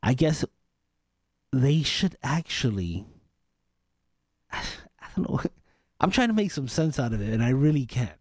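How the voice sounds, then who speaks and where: A man's voice: medium pitch, very animated, unhurried, pauses often, a little mellow, no echo. A man hosting a political talk radio show, venting in an exasperated, rambling way with frequent restarts and sighs, at a studio microphone.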